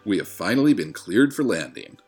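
A formal airline captain giving cabin announcements, put on by a man reading a story aloud. The voice sits deep and low, and faint music plays softly behind it. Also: sing-song, fairly quick, breathy edge, exaggerated voice. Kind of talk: audiobook reading.

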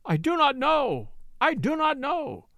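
A man's voice: high voice, huge pitch swings, moderate pace, a bit bright, no room sound, clean studio sound, exaggerated voice. A man reading an audiobook, voicing a frightened adult thief who begs desperately for his life. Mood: pleading. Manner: pleading, desperate.

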